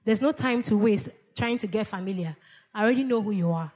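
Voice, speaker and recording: A woman preaches to her congregation in a call-and-response style, asking questions and repeating key words. Her voice sits at a middle pitch for a woman. The church recording sounds dull and lo-fi. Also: moderate pace, a little mellow. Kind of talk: sermon.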